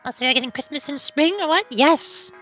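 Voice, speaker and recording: A young woman with a high, lively voice who chats casually as she streams a game, with playful sarcasm and quick reactions. Her talk wanders and stays light. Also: faint music behind. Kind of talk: casual gaming stream chat.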